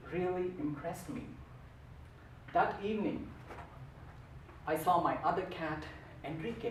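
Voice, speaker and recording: A man's voice: high voice, echoey room, recorded from a distance, slight background noise, low-quality recording. A man giving a humorous storytelling speech at a contest, with a playful, theatrical delivery. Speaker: contest speaker.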